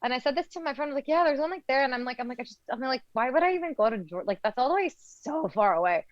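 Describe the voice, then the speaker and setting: Young woman from Arizona, a bit high, rattles things off quickly, casual podcast guest, dull lo-fi recording. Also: expressive, no echo. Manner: chatty, heavy use of "like". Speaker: guest, law student.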